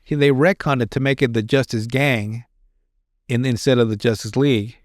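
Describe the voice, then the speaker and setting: A man chats on a podcast in a loose, rambling way. He swears freely and restarts his sentences often. His voice sits at an ordinary middle pitch and sounds close and dry, with no room behind it. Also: steady tone, normal speed, dry recording. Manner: rambling and profane, with many restarts. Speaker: podcast host. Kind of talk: casual chat.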